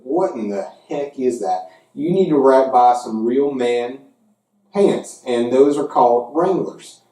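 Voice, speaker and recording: A loud, preachy Southern good ol' boy, as a podcast host puts him on, drawling his scolding in a mellow, low-key tone. The voice is caught from a distance in an echoey room. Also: animated, takes it slowly. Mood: mocking lecture. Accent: Southern US (put on).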